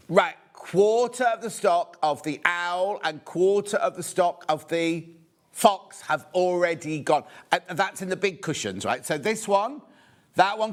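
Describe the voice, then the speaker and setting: This shopping channel host, a man from the West Midlands of England, fronts a live show from a TV studio. His pitch is a little high and sweeps broadly, and his talk rambles chattily with plenty of quick asides.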